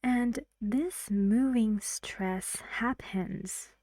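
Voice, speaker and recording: Slow, patient woman teacher. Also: on the high side, mellow, no echo, clean studio sound. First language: Persian. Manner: patient, explains step by step and asks learners questions. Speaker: English pronunciation teacher. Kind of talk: online pronunciation lesson.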